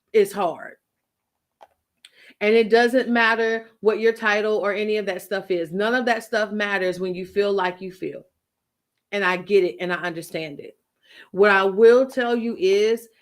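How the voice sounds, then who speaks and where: A woman with a medium-pitched, fairly bright voice gives a motivational faith talk as a writing coach. She speaks emphatically, repeating phrases like a preacher telling a story.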